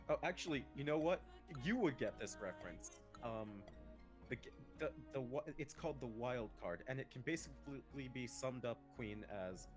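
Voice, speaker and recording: A man's voice: medium pitch, lively intonation, normal speed, music in the background. A man in casual chat, rambling and correcting himself with frequent ums.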